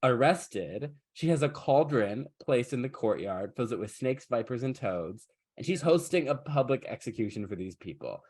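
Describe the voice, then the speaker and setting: A male podcast host retells an old fairytale in an irreverent, joking way. His voice sits at a middling pitch. The talk is loose and casual. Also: expressive, normal speed, hardly any pauses, darkish tone. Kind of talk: casual chat, comic retelling.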